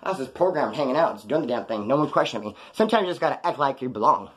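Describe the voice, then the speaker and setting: A man's voice: mid-range voice, lively intonation, very fast. A man telling stories from his past in a casual, rambling, slangy way. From California, USA. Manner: rambling, slangy, acts out quoted voices. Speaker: storyteller recounting his past. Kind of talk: casual storytelling on a live stream.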